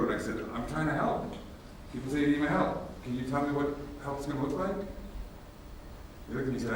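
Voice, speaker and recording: Animated man telling stories in an echoey hall. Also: mid-range voice, a little fast, long pauses, background noise. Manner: casual, animated, acts out dialogue. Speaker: workshop presenter. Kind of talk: storytelling workshop talk. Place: large room with audience. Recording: echoey hall from a distance, faint ambience.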